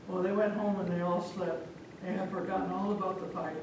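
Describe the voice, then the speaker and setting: A woman from Omaha telling a folk tale live to an audience, animated and speaking directly to listeners. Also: mid-range voice, normal speed, hardly any pauses, noisy background. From Omaha, Nebraska. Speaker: storyteller. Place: live public event, echoey room. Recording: echoey hall from far off.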